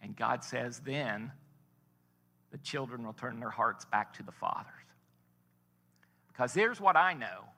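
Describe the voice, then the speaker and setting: A man's voice: medium pitch, lively intonation, measured pace, vocal fry, long pauses, bright, forceful tone, big-room sound. A man preaching a sermon as a pastor, telling a story in a folksy way and building to emphatic points.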